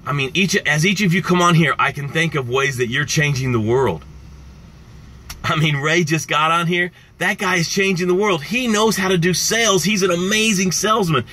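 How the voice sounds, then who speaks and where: A man speaking as a success coach, with a bright, forceful tone and a slightly high voice. He talks with passion and speaks straight to his viewers, driving his points home again and again. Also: normal speed. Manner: impassioned, repetitive, addresses viewers directly. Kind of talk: motivational live-stream talk.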